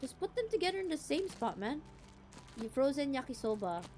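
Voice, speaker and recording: A young woman from the Philippines streaming a game, chatting casually in a deliberately cute, girlish voice. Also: sits high, very animated, darkish tone. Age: young adult. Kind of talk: casual gameplay chat.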